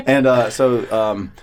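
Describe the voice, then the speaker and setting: A man's voice: very high voice, very noisy. A young man, rambling through a casual podcast chat, joking and swearing freely. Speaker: podcast co-host.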